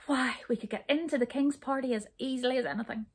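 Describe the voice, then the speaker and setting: A perky little brownie boy, put on by a woman reading aloud, quick and insistent in a high, slightly husky voice. He sounds eager and sure of himself. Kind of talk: storybook reading.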